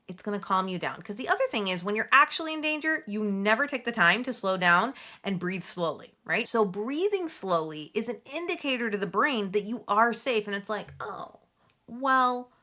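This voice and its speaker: A woman in her thirties, a Catholic mom coach, talking straight to her viewers in a chatty, gently soothing way. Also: mid-range voice. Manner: warm, chatty, gently soothing self-talk asides. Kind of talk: direct-to-camera advice talk.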